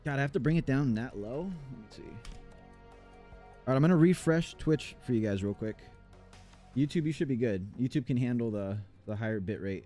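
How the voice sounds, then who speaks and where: A man's voice: mid-range voice, expressive, moderate pace, dark tone, faint music behind. A man from the United States chatting casually on a live game stream, rambling and reading chat aloud with many fillers.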